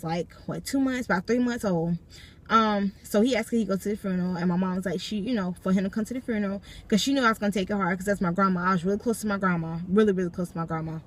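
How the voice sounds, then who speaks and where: A young adult woman vlogger recounting a personal story from a parked car, talking emphatically and turning to her viewers again and again. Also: mid-range voice. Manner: emphatic, keeps addressing viewers directly. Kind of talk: storytime vlog.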